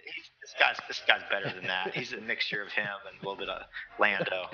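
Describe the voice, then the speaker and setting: A man narrating as game master of a tabletop role-playing game, energetic and loose with laughing asides. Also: lowish voice, fast, lo-fi sound, a crowd in the background.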